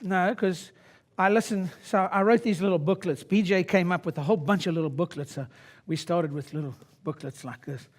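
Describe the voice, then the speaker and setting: Briskly and with hardly any pauses, a sixty-something chiropractor with a high voice delivers a live seminar. His style is blunt and swaggering, with salty language and abrupt shouted outbursts.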